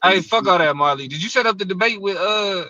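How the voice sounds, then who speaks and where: A man's voice: high voice, a little fast, sharp tone, highs cut off, a little hiss or hum. A man with speech, throwing in blunt, joking remarks in casual podcast chat.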